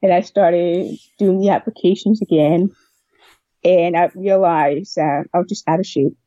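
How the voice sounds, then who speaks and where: A young deaf woman telling a long personal story in an interview, replaying what people said to her with lively voices. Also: on the low side, measured pace, no room sound, lo-fi sound. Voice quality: deaf speech. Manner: rambling, animated retelling of dialogue. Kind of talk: casual storytelling.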